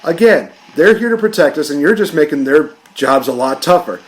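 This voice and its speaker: A man's voice: fairly high pitch, lively intonation, moderate pace, rough recording. A man hosting a podcast, ranting in a casual, jokey way. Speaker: podcast host.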